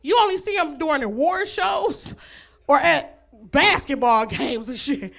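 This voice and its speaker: A woman's voice: high voice, animated, measured pace, creaky, a bit bright. A woman performing a stand-up comedy set on a comedy club stage, brash and laughing at her own jokes.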